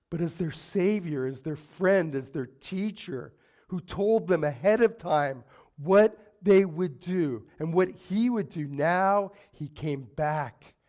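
A man preaching a sermon, telling the story dramatically, dropping to a hush and then rising to forceful quoted lines. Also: a little high. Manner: dramatic storytelling, swinging between hushed and forceful, acting out quoted voices. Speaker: pastor.

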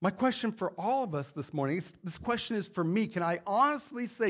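A man's voice: sits high, expressive, a little fast, few pauses, a bit bright. A male pastor preaching a fervent sermon to his congregation, building to emphatic rhetorical questions. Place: church sanctuary with congregation.

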